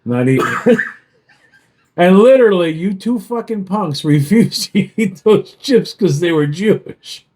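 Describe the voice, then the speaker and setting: A man's voice: high-pitched, measured pace, a little mellow. A middle-aged man co-hosting a casual beer show, telling profane stories and laughing as he acts out quotes. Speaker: co-host of a beer review show. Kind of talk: casual banter, storytelling.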